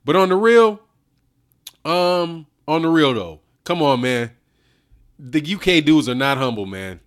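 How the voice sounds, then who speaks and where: A man's voice: on the high side, lively intonation, measured pace. Slangy man chatting on a livestream. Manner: slangy and laughing, says "dog" and "man" a lot. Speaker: boxing channel host. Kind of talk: casual livestream chat reading super chats.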